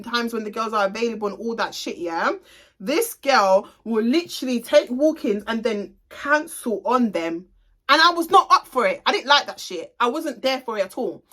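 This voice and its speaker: Blunt gossipy woman with a bright voice. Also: on the high side. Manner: gossipy, blunt, swears freely; addresses viewers directly. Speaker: salon owner. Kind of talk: casual storytime vlog.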